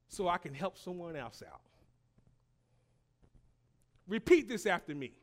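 A male preacher delivering a sermon in slow, emphatic phrases, calling on his congregation to answer him and rising to shouts. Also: sits high, very animated.

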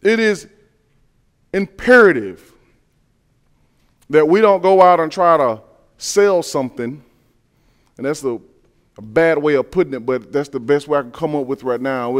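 High-pitched guy giving a sermon, earnest and chatty, repeats his points. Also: long reverb tail. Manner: earnest, swings between soft low asides and loud rising emphasis; conversational, uses everyday scenarios and repeats key phrases. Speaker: preacher.

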